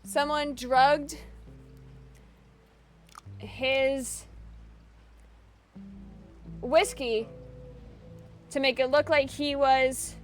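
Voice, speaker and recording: Excitable high-voiced woman streamer. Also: drawn-out words, pauses often, soft background music. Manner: chatty, thinks aloud, loud excitable outbursts. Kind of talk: gaming stream commentary.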